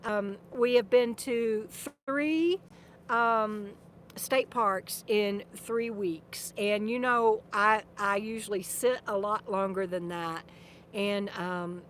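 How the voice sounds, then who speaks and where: With slight background noise behind her, an older vlogger and author talks on a live stream in a medium-pitched voice with fairly even intonation and a slow pace. Her chat is casual and rambling, with restarted sentences, frequent laughter, and asides to her dog between remarks.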